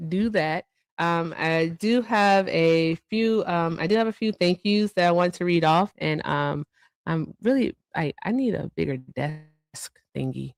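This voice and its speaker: A woman's voice: fairly low pitch, a little slow, no echo. A woman co-hosting a livestream show, chatting casually and reading out viewer thank-yous with asides. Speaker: livestream co-host.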